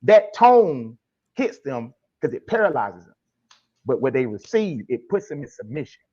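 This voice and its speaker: Man, emphatic preachy coach, husky voice, lively swings in pitch, dull lo-fi sound. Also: normal speed. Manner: emphatic, preachy, acts out tough-love lines. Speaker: guest life coach. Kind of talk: podcast interview answer.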